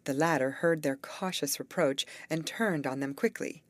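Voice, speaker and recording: A woman narrating a graded English story for learners, reading slowly, clearly and evenly. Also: sits low, no echo.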